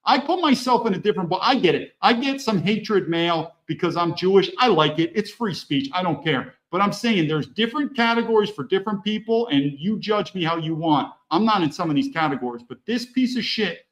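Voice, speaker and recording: A middle-aged man with a slightly high voice rants as a podcast host. He speaks bluntly and heatedly, swearing freely and talking straight to his listeners. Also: expressive, brisk, few pauses, a bit bright, low-quality recording. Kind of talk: angry political rant.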